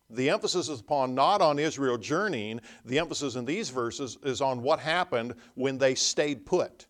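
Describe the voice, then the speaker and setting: A man preaching a sermon at a conference. He reads scripture passages aloud, then walks through them, leaning hard on the key points as he explains. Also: medium pitch. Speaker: pastor. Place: conference hall.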